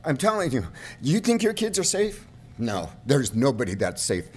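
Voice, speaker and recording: A middle-aged man giving an emotional public comment at a county board meeting, his voice rising toward shouting at its peaks, speaking at a podium microphone. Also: mid-range voice, huge pitch swings, moderate pace, slightly rough. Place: council chamber.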